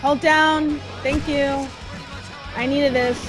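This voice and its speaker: A woman giving frustrated live commentary while playing a video game, shouting orders and complaints at the character. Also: high voice, fairly even intonation, slow pace. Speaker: gameplay streamer. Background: game music.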